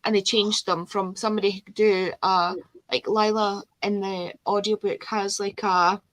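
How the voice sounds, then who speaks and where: Rambling, animated woman host, dry sound. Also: mid-range voice, moderate pace, dry recording, poor audio. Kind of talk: casual chat.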